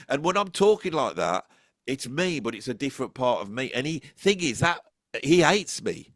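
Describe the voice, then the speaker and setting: A man hosting a casual conversation, telling animated stories and laughing often. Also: medium pitch, normal speed, no room sound, studio quality. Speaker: podcast host.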